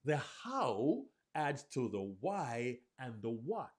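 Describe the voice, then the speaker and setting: A speaking coach co-hosts a live public-speaking podcast, laying out techniques and performing examples with animation. His medium-pitched voice is husky, and he takes things slowly.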